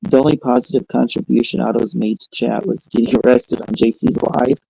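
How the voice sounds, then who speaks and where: A man's voice: mid-range voice, steady tone, fairly quick, gravelly, warm tone, breathy edge, no room sound, low-quality recording. A sleepy man hosting a late-night chat stream, talking into his phone in a laid-back, rambling way. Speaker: stream host. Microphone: phone held to the face.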